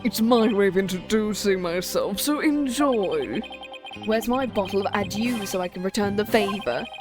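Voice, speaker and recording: A woman voicing a pompous, self-adoring male aide in a video game, speaking in a haughty, drawn-out way. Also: mid-range voice, expressive, over music, natural voice.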